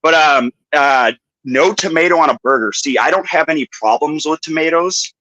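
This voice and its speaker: A man's voice: fairly high pitch, normal speed, bright, forceful tone, no room sound, poor audio. A man from Minnesota hosting a podcast, rambling through anecdotes in casual chat. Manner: rambling anecdotes with put-on voices. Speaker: podcast host.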